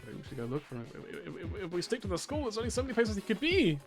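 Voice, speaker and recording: A man casually commenting on and reading lines from a visual novel demo, excitable, swearing and often stumbling over his words. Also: sits high, racing. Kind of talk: casual let's-play commentary reading dialogue aloud. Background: game music.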